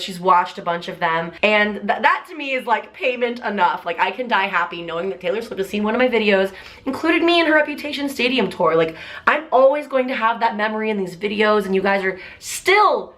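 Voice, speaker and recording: A woman's voice: medium pitch, fairly bright tone. A young woman YouTuber chatting casually to camera in a Q&A vlog, bubbly and chatty with lots of "like".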